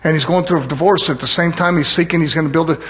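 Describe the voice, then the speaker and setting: Fervent preacher man, slightly high voice. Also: steady tone, a bit bright. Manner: fervent preaching cadence, punctuated with "amen" and "hallelujah"; slows and drops low on scripture lines. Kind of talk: sermon.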